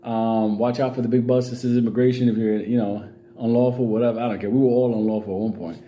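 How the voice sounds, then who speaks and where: A man's voice: mid-range voice, fairly even intonation, fast, mellow, slight background noise. A middle-aged man telling a rambling, profane story in casual vlog talk, laughing at his own tale. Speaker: vlogger.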